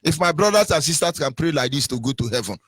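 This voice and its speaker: Fiery Nigerian man, high lively voice. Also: fast, breathy edge, no room sound. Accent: Nigerian English. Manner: fiery, repetitive chanting, swings from shouting to mock whispers. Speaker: radio presenter. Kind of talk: impassioned political monologue.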